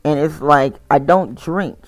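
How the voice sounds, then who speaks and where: A man's voice: fairly high pitch, unhurried, dry recording. Tired male vlogger with a dry, close sound, chatting informally and drifting through his thoughts. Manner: rambling, frequent restarts and repeats. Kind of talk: casual monologue to camera.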